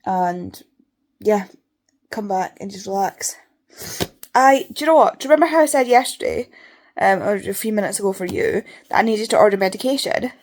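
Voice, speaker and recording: A tired young woman talks to the camera in a loose, rambling way, her nose sniffly as she chats. Her pitch sits in an ordinary middle range. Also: moderate pace, darkish tone. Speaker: book vlogger. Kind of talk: casual reading vlog.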